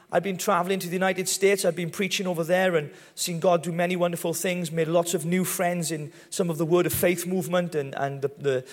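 A Welsh man in his thirties preaches a testimony sermon, talking in a chatty, self-deprecating way and slipping in light humour. His voice sits a little high for a man. The sound rings with the long reverb of a big church hall. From Wales.

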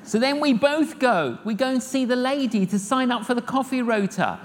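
An older man, preaching a sermon as an evangelist, telling stories lively and acting out the dialogue himself. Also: very high-pitched, normal speed. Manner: lively storyteller acting out dialogue, repeats phrases. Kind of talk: sermon with humorous storytelling. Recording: long hall reverb with faint noise.

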